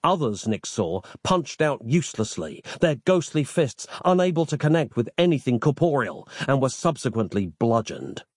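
A man reads a fantasy novel aloud with theatrical flair, his voice rising and falling in a lively way. The recording is close and dry, with no room sound. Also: mid-range voice, moderate pace, few pauses, dry recording. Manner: expressive, theatrical storytelling. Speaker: narrator. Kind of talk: scripted audiobook narration.

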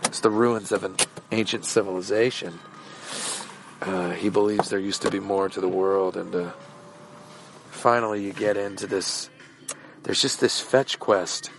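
A low-voiced man telling a long, casual story in a meandering way, circling back with fillers and restarts. He sounds like a podcast host recording while walking outdoors. Faint traffic hums behind him. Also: fairly bright tone. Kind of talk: rambling casual anecdote. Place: outdoors, walking around shops.

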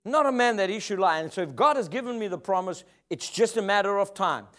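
A man's voice: sits high, animated, fast, a bit bright. A man preaching a sermon, emphatic and rhythmic, often asking the congregation for an amen. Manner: emphatic, call-and-response preaching.

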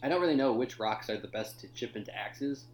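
A man's voice: mid-range voice, lively intonation, fast talker, roomy sound, rough recording. A young man co-hosting a casual movie review podcast, who talks loosely, swears freely and laughs often. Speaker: podcast co-host.

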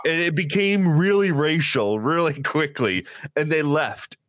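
Male podcast co-host, high-ish, bright, lively storyteller; dry close sound. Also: unhurried, no room sound. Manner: animated, profane, acts out quotes in a high loud voice. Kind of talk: casual storytelling chat.

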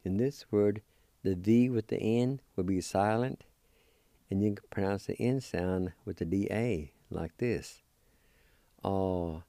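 A middle-aged man giving a slow, deliberate spelling and pronunciation lesson, spelling out letters one by one. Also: on the low side, mellow, dry recording. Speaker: radio language teacher.

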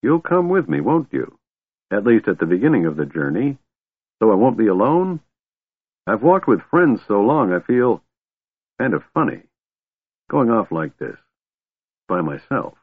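A man voicing a gruff, fond old male dwarf warrior whose strength is fading, in a storybook reading. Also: lowish voice, very animated, a little slow, long pauses, no room sound, exaggerated voice. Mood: weak gentle. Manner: grumbling, affectionate. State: weak, fading. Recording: dry thin phone-like audio.

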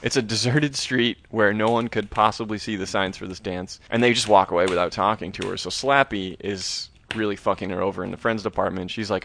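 A man's voice: on the low side, fairly quick, creaky, hardly any pauses. Man animatedly recapping a horror episode. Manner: animated retelling with acted-out quotes. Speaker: podcast co-host. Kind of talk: casual recap chat.

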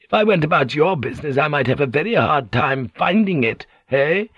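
A man's voice: medium pitch, sing-song, normal speed, gravelly, breathy edge, no echo, lo-fi sound, pitched above the performer's own voice, full character voice. A male audiobook narrator voicing a sly, wheedling older woman who keeps a teahouse, with a honeyed, ingratiating manner.

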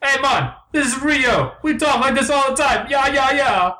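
Brief: loud cartoon street bird, exaggerated Jamaican accent, very high squawk, a man doing the bit. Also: animated, moderate pace, roomy sound, recorded from a distance, full character voice. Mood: rowdy. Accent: put-on Jamaican. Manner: exaggerated, shouting slang. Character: rowdy male street bird, bossy. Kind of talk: improvised comedy skit.

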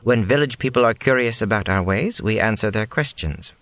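Gentle patient elder man, read by a deep-voiced narrator, formal, soft-spoken, storybook. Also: fairly quick, dry recording, lightly acted.

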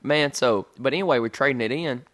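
A man chatting casually, telling an animated story with loud bursts of emphasis. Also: mid-range voice, fairly quick. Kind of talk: casual chat.

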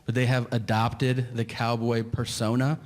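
A man doing a stand-up comedy set, telling his story in an incredulous, ranting way that climbs toward shouting. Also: mid-range voice, little pitch movement, unhurried. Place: large theater stage with audience. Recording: live hall with long reverb and audience noise. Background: audience laughter.

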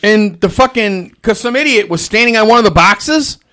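Male restaurant manager, crude and animated storyteller, swinging pitch. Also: normal speed. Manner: crude, swears constantly, animated ranting. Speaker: fast-food restaurant manager. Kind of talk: casual profane venting chat.

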